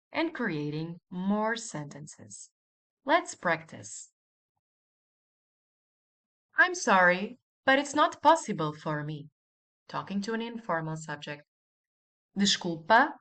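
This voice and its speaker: A woman teaching a language lesson, speaking slowly and clearly and repeating model words for the listener. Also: medium pitch, sing-song, sharp tone. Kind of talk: scripted language lesson narration.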